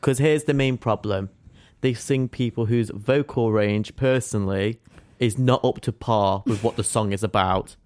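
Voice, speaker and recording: A man's voice: fairly low pitch, a little mellow, dry recording. A young man co-hosting a podcast, chatty and playful in casual talk. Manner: chatty, playful, quick to laugh. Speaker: podcast co-host. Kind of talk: casual chat.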